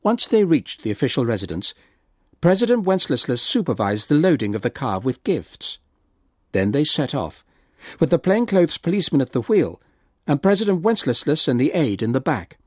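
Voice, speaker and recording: A man reading a story aloud in a measured storytelling manner, lightly voicing the characters. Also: mid-range voice, big pitch swings, darkish tone, no room sound, clean studio sound. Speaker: reader.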